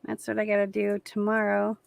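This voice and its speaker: A woman's voice: medium pitch, monotone, fairly quick, creaky, no echo. A woman hosting an art livestream, chatting casually as she paints, rambling and correcting herself as she goes. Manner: rambling, self-correcting, easygoing. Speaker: artist hosting a live stream. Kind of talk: casual chat while painting.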